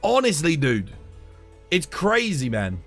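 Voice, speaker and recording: A man's voice: fairly high pitch, wildly swooping pitch, takes it slowly, a bit bright, faint music behind. A British man streaming live, ranting in a heated, casual way, swearing often and calling his listeners "dude". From United Kingdom. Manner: heated, swears a lot, keeps saying "dude".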